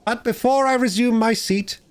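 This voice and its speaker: A man voicing a pompous male weasel chief in a high, squeaky voice, mocking and stretching his words out theatrically. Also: fairly even intonation, moderate pace. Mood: mocking, gloating.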